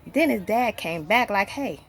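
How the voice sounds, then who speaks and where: A woman's voice: fairly low pitch, unhurried. A woman giving a casual Bible lesson, talking conversationally, with many fillers and rhetorical questions. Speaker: Bible teacher.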